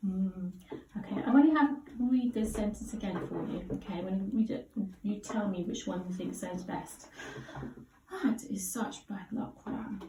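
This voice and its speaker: In a school classroom, a primary school teacher with an English accent and a mid-range voice guides a child through reading. She is encouraging and slows down to model lines with lots of expression, and the roomy space carries a faint hiss.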